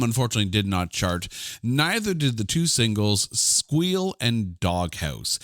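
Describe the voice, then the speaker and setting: A man's voice: on the low side, dry recording, clean studio sound. A man co-hosting a podcast, chatting casually and animatedly about music. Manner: chatty and animated, with frequent "like" fillers. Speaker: podcast co-host.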